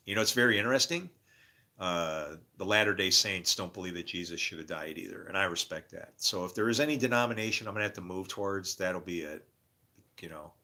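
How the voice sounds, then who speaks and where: A middle-aged vlogger with a deep voice and a bright, forceful tone rambles grumpily about faith and his day. In this monologue he preaches and laughs at himself.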